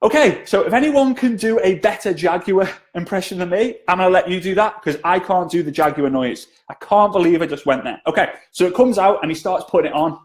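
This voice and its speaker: A man's voice: sits high, brisk, hardly any pauses. A man giving a live-streamed sales training talk, chatty and jokey, often asking viewers to comment.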